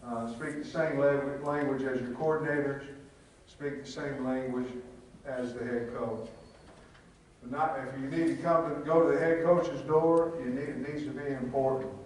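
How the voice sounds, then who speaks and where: Older man, football head coach addressing a clinic, blunt and folksy, heard from a distance in a booming hall. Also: a little mellow, slight background noise. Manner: blunt, folksy and plain-spoken, with frequent restarts. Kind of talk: clinic talk to a room of coaches. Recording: very echoey hall, distant from the mic.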